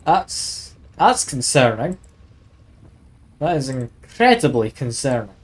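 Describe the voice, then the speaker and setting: A man's voice: medium pitch, sing-song, slow pace. A man streaming a detective game, chatting wryly and reading game text aloud. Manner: chatty, wry, reads aloud with asides.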